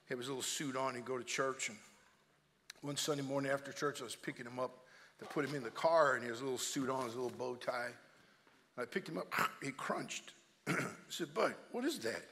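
An older man preaching a sermon in a church, moving between hushed storytelling and loud exhortation. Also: medium pitch, in a large hall, slight background noise.

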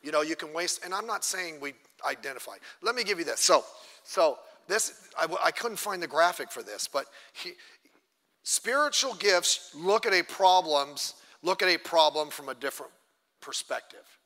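Middle-aged preacher guy joking about himself, bright voice, long echo like a church hall. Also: a little high, animated, normal speed. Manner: self-deprecating and chatty, acts out quotes. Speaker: pastor teaching a church class. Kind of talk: conversational sermon teaching.

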